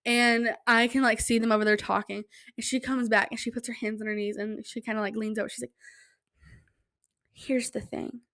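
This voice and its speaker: A young woman hosting a casual solo podcast at home, telling stories in an animated, self-deprecating way and acting out quotes. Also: quick pace, few pauses. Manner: animated, self-deprecating, acts out quotes with big pitch jumps. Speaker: podcast host. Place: home room, quiet at night.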